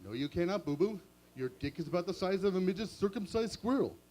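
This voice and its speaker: A man voicing a boastful male cartoon bear with a low, gruff drawl. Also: animated, quick pace, warm tone.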